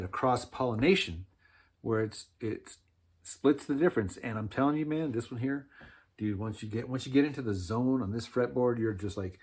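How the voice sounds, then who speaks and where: Teaching fret layout for his homemade string instruments, this man speaks in a medium-pitched voice with a breathy edge. His delivery is relaxed and meandering, sprinkled with words like "dude" and "man".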